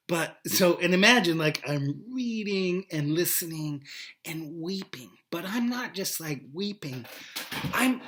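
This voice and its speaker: A man teaching by video from his living room, telling a rambling, animated story with lots of emphasis. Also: on the high side, takes it slowly. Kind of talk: casual storytelling lecture to camera.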